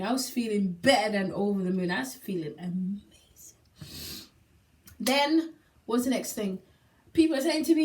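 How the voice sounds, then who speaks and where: Higher-voiced woman, emphatic testimonial. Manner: emphatic, repeats words for effect, laughs now and then. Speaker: single mother sharing a product testimonial. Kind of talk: personal testimonial vlog. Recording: voice a little distant from the mic.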